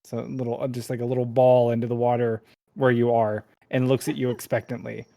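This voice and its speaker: A man's voice: medium pitch, level tone, brisk, gravelly, dark tone. A man narrating as game master in a casual, rambling way with many fillers.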